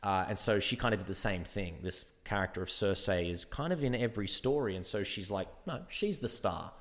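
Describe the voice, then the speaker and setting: Low-voiced man chatting in a reverberant hall. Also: a little fast, a bit bright. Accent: Australian. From Australia. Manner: rambling, thinks aloud with restarts. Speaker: guest actor. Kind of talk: casual podcast chat.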